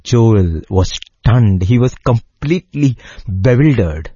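Deep-voiced man telling a devotional story. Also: warm tone, slightly rough, no room sound, muffled recording. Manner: measured, phrase by phrase with pauses.

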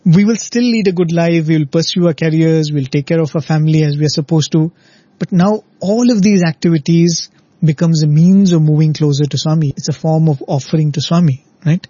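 A man's voice: on the high side, a little fast, warm tone, no echo, highs cut off. A man giving an earnest, reflective devotional discourse, often ending his points with "right?". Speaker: spiritual speaker.

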